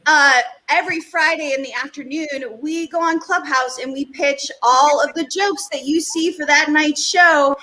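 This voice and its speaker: A woman's voice: sits high, moderate pace, hardly any pauses, crowd noise, low-quality recording. A woman hosting a live online comedy show, upbeat, reading sponsor plugs and moving things along. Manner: upbeat, reads sponsor plugs, laughs easily. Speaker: show host.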